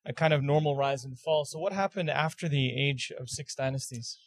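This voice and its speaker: A man's voice: medium pitch, brisk, no room sound. A man co-hosting a history chat, asking questions and making dry teasing remarks. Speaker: co-host. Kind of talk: casual interview chat.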